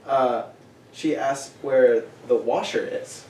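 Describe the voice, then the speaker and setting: A man's voice: medium pitch, slow. Young man telling a story with rambling energy. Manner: animated, acts out quotes, keeps saying "I was like". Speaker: podcast co-host. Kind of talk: casual storytelling among friends. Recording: echoey room, mic at a distance, faint hiss.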